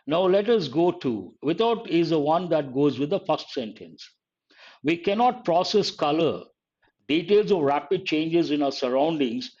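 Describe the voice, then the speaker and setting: A man's voice: on the high side, a little mellow. A man teaching grammar in a live exam-prep class, explaining step by step and repeating key phrases. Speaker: English teacher. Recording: dull lo-fi online class audio.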